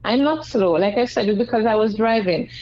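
A woman's voice: a little high, brisk, muffled recording. A woman calling in to a radio show, speaking firmly and insistently and repeating her points. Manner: firm, insistent, repeats herself. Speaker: caller. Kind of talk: phone-in call.

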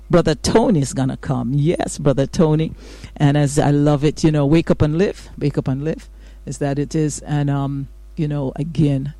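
A woman's voice: low-pitched, warm tone, no echo. A woman hosting a morning devotional radio show, greeting listeners and preaching with exuberant praise and amens. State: out of breath. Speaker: radio host.

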